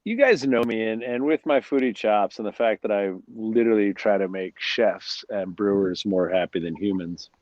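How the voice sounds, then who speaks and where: A man in casual podcast chat, lower-pitched, swearing easily and bouncing between half-finished thoughts. The sound is dull and very dry, with no room around it. He talks as a guest about his work. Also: moderate pace, hardly any pauses, no room sound. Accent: New Jersey. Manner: animated, swears freely, jumps between restarts. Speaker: brewery owner, podcast guest.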